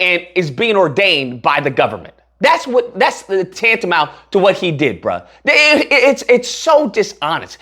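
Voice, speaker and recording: A man's voice: high-pitched, fairly bright tone. A man giving heated, sarcastic political commentary as a channel host, using casual slang.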